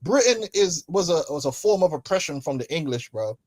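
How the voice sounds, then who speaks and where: A man's voice: a little high, big pitch swings, brisk, darkish tone, slight background noise. A man hosting a casual religious commentary, talking in slangy, mocking, preachy tones and laughing often. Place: London.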